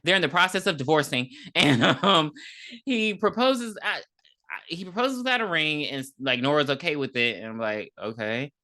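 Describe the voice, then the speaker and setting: Recapping a TV episode as a podcast co-host, a woman chats casually with slang and plenty of laughs. Her low-sitting voice sounds pushed and bright, with lively intonation at a moderate pace.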